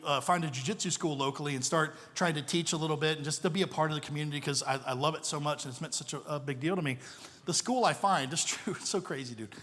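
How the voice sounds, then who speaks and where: A man telling a story from the pulpit as a visiting missionary pastor, animated and full of jokes. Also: on the high side. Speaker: missionary pastor, guest speaker. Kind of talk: storytelling sermon. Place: church sanctuary. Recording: long reverb of a church hall.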